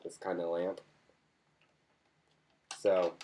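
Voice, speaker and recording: A man with a low, deep voice chats straight into his camera at home-video ease. He rambles from one topic to the next, joking and poking fun at himself as he goes. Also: a little slow, pauses often, a little hiss or hum. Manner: rambling, joking and self-mocking. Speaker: vlogger. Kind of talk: casual chat to camera.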